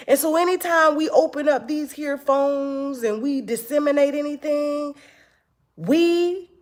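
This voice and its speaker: A woman hosting an online talk show, telling stories to her viewers in a casual, animated and profane way and acting out what other people said. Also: high-pitched. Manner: animated storytelling, acts out quotes, profane.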